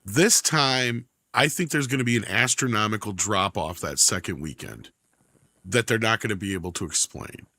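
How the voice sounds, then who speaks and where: A man on a pop-culture podcast panel, chatting casually in a blunt, profane, animated way. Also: on the low side, moderate pace. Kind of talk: casual chat.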